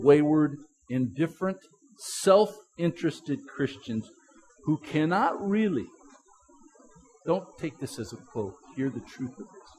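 A man's voice: mid-range voice, darkish tone, low-quality recording. A middle-aged male pastor giving a sermon, telling a story in a chatty way with chuckles and stressing each word in scripture lists.

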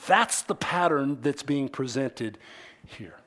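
A middle-aged male pastor preaching a sermon, deliberate and measured, dropping to near-whispers and then rising to emphatic peaks. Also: mid-range voice, animated. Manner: slow, deliberate preaching that swings from quiet to emphatic.

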